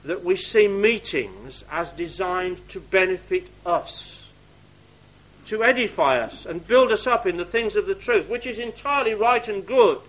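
High bright-voiced man preaching. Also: rough recording. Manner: reads scripture aloud in archaic wording, drops to quiet asides. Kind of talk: sermon with scripture reading.

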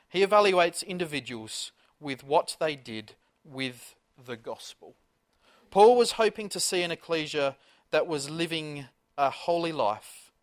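A man preaching a sermon, passionate, firing rhetorical questions and swinging between loud and soft. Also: fairly high pitch. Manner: impassioned, rhetorical questions, big swings in loudness.

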